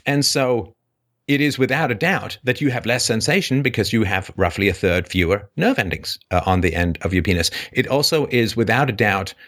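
A man's voice: lively intonation, normal speed. Man lecturing hard on a call-in show. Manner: lecturing, forceful, cutting in, pitch jumps high when stressing points. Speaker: host. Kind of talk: heated call-in debate.

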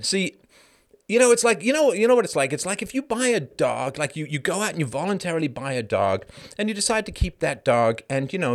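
A man hosting a livestream show, talking casually in a sarcastic, mocking way and breaking into fits of laughter. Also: medium pitch. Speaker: host of a call-in livestream show. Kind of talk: casual monologue.

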